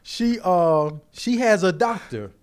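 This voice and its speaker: A man with a fairly high voice tells a funny story in a loose, casual way. He is animated and acts out the people in the story as he goes. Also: slow pace, clean tone. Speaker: storyteller on a podcast.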